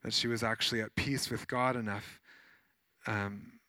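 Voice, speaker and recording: A man, a pastor, preaching a sermon in a conversational, animated way with many fillers as he tells personal stories. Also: lowish voice, moderate pace, dry recording.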